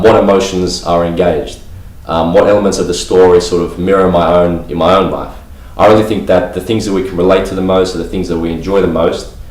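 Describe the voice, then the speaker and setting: Casual male vlogger, very low voice, loose rambling delivery, roomy echo. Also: a little mellow. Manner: rambling, heavy fillers like "you know" and "like". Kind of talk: casual talk to camera. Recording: echoey room, voice a bit far from mic.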